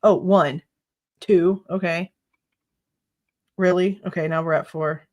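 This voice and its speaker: A woman's voice: on the low side, steady tone, slow pace, darkish tone. A woman hosting a live true crime stream, reading court documents aloud and ranting in exasperation, swearing freely. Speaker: true crime livestream host.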